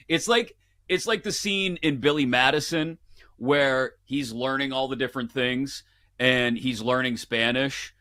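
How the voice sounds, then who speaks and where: A man, a guest on a casual sports betting show, telling playful animated stories. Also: mid-range voice, measured pace.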